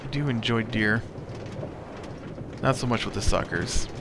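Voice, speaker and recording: A man's voice: mid-range voice, measured pace, gravelly, noisy background. A man hosting a let's play, telling a rambling story full of uhs and restarts with a wry edge while he plays. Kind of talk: casual storytelling while playing a game.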